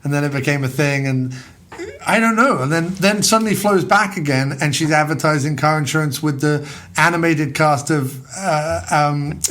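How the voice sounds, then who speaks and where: A man's voice: a little high, a bit bright. A man in casual podcast chat, sarcastically acting out imagined conversations as he riffs on movie topics. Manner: sarcastic, acts out mock dialogues in quick bursts. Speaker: podcast co-host.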